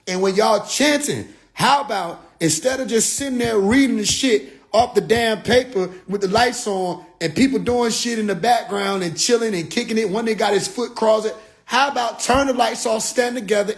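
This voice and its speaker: A man with a notably high voice tells a story as a comedic rant. He is animated and profane, and his delivery is loose and full of slang. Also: creaky. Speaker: vlogger.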